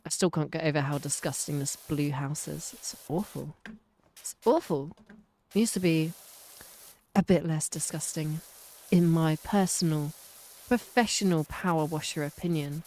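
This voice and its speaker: A woman's voice: sits low, fairly even intonation, a little slow, a little mellow, a little hiss or hum, poor audio. A woman chatting casually on a game live stream, rambling and self-mocking.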